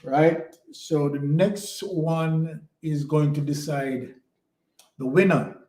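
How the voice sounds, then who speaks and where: A man co-hosting a live quiz stream in a relaxed, affirming way. His voice sits a little high and moves at a slow pace, with a roomy echo around it. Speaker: co-host. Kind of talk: casual live-stream chat.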